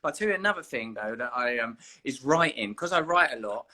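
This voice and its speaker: A man's voice: mid-range voice, lively intonation, fast talker, pushed and bright. A man hosting a casual livestream from home, chatting in a rambling, playful way, speaking into a phone he holds himself. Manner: rambling, playful and earnest by turns. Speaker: livestream host. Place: indoors at home. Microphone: phone held at arm's length.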